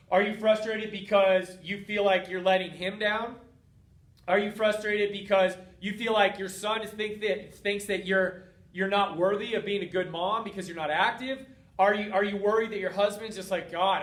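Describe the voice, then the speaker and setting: A man hosting a motivational talk, speaking directly to his listeners in an energetic, coaching way. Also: sits high. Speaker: host. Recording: roomy, distant from mic.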